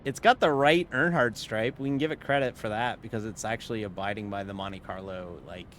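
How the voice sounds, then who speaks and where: A man's voice: lowish voice, brisk, fairly bright tone, slight background noise. A man casually commenting while streaming a sim race, rambling and joking and laughing often.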